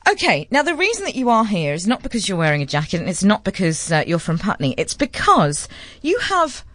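A woman's voice: medium pitch, wildly swooping pitch, fairly quick, a bit bright, dry recording, studio quality. A middle-aged British woman hosting a late-night radio interview, chatty and playful with a self-mocking humour. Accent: British English. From United Kingdom.

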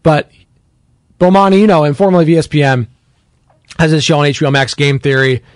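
A male sports radio host whose voice sits a bit high and swings up when he gets worked up. He talks bluntly and casually, as if on a pregame show. The studio sound is close and dry. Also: fairly quick, dry recording. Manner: animated, blunt and conversational, reads viewer comments.

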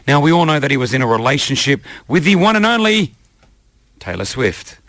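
A man hosting a comedy radio show, chatty and quick to repeat himself. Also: medium pitch, sing-song, fairly bright tone, no room sound, clean studio sound.

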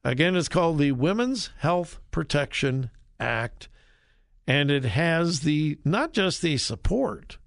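A man hosting a talk radio show, delivering an opinion monologue deliberately and with emphasis on key words. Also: fairly high pitch, big pitch swings, gravelly, dry recording, clean studio sound.

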